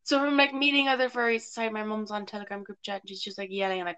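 A woman's voice: medium pitch, level tone, rapid-fire, fairly bright tone, clear, resonant tone, no room sound. An Irish woman hosting a podcast in casual, chatty interview talk, swearing and laughing easily. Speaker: podcast host. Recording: muffled lo-fi home audio.

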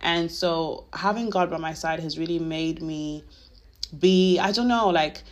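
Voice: medium pitch, a little slow. A podcast host giving a casual faith talk, earnest and confessional, rambling with lots of filler phrases. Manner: emotional, confessional.

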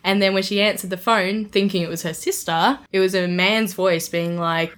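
A woman's voice: medium pitch, fairly even intonation, normal speed, few pauses, a bit bright. A young woman co-hosting a podcast in casual chat, telling stories in a chatty way, laughing often and acting out quotes. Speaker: podcast co-host.

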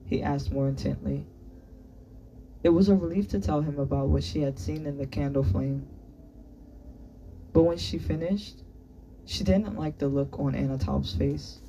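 A reader narrating a novel aloud at a slow, unhurried pace. The tone is dark and mellow, with faint noise in the background. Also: medium pitch, vocal fry, distant mic, low-quality recording. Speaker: audiobook reader.

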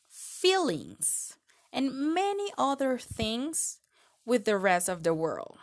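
A woman hosting a podcast, giving an earnest, encouraging monologue with reflective questions. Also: on the high side. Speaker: podcast host.

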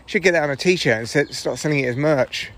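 A man's voice: fairly high pitch, brisk, a bit bright. A man, a comedian, rambling through a casual solo podcast while walking his dogs in the woods. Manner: chatty, rambling, swears freely.

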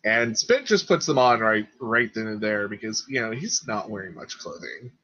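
Animated man running a tabletop game. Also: fairly low pitch, moderate pace. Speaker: game master. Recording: dull lo-fi sound.

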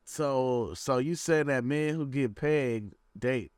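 A man's voice: medium pitch, takes it slowly, a little mellow. A man in casual group chat, stammering a little and swearing freely. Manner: stammering, profane, slangy.

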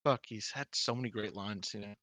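A man co-hosting a podcast, answering quiz questions in casual chat, blunt and quick to swear and laugh. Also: fairly low pitch, a bit bright, dry recording. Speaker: podcast co-host.

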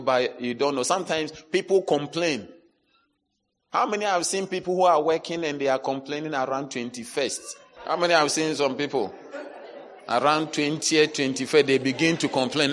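A male pastor preaching a sermon, animated, dropping to low asides and rising to loud shouted lines as he acts out complainers. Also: normal speed. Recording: long hall reverb.

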